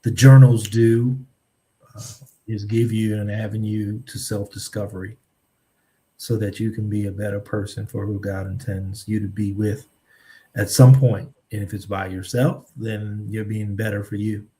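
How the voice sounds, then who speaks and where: A man who is a writer and a podcast guest, speaking in a measured, thoughtful way with frequent pauses and ums. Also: fairly low pitch, flat delivery, mellow. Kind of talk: reflective podcast conversation.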